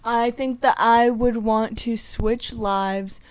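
A woman's voice: a little high, fairly even intonation, slow pace. A woman co-hosting a casual podcast, chatty and rambling in a bubbly way. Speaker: podcast co-host. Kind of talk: casual chat.

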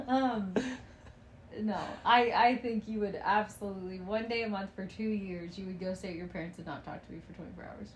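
A woman's voice: medium pitch, moderate pace, echoey room, a little hiss or hum. A young woman co-hosting a casual podcast with her partner, playful and teasing, laughing often as she talks. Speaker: podcast co-host. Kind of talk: casual couple's podcast chat.

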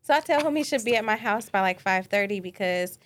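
A woman co-hosting a casual chat, laid-back and quick to laugh. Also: medium pitch, animated, a bit bright.

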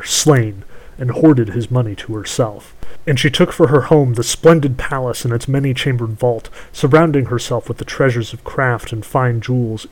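A man reading a long fairy tale aloud in measured, unhurried storybook narration. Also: mid-range voice, a little mellow, rough recording.

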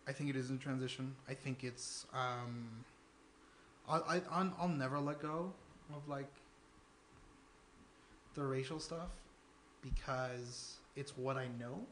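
A man's voice: medium pitch, slow pace, long pauses, a bit bright, slight background noise. Chatty young man, laughs between lines. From Texas. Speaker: stand-up comedian, guest. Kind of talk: casual interview chat.

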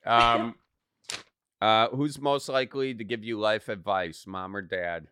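A man hosting a podcast, telling stories in a casual, animated, joking way. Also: fairly low pitch, a little slow, a little hiss or hum. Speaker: podcast host. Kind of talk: casual chat.

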